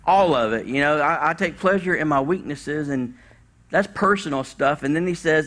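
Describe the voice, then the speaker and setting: A male pastor giving a conversational, animated sermon in church, with casual slang and sudden bursts of emphasis. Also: fairly high pitch, normal speed.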